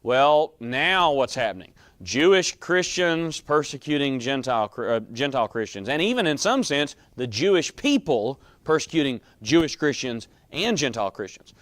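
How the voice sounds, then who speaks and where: A man's voice: medium pitch, sing-song, moderate pace, few pauses, a bit bright, dry recording. Man teaching a casual Bible class. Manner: conversational, quizzes the class.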